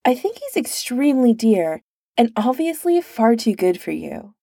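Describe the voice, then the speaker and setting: A slow, teasing noblewoman , as a woman narrator voices her. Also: a little high, very animated, dark tone, no echo, studio quality, voice pushed up, exaggerated voice.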